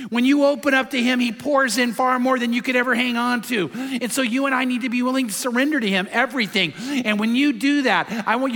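A man's voice: extremely high pitch, bright, forceful tone, big-room sound. A man preaching a sermon as a pastor, emphatic and full of rhetorical questions.

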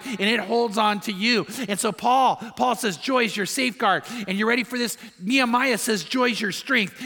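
Male pastor, middle-aged, storytelling sermon style with emphatic repeats, bright tone. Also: very high-pitched. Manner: storytelling preacher, emphatic repetition. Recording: long hall reverb.

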